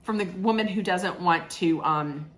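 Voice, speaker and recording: A woman's voice: on the low side, unhurried, fairly bright tone. A woman recapping a reality show in a chatty, sarcastic way, with laughing asides. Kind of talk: casual chat recap.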